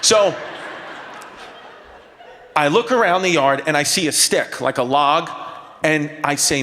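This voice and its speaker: Man, stand-up comedian, animated storytelling, bright high voice, handheld stage mic, reverberant concert hall. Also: moderate pace. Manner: animated, escalating, acts out voices.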